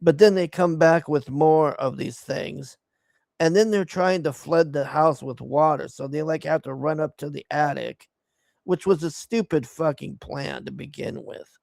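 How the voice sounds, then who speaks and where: Gravelly exasperated man ranting. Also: a little high, a little slow, a little mellow, dry recording, clean studio sound. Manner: exasperated, profane, scornful. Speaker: movie reviewer. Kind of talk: casual ranting movie recap.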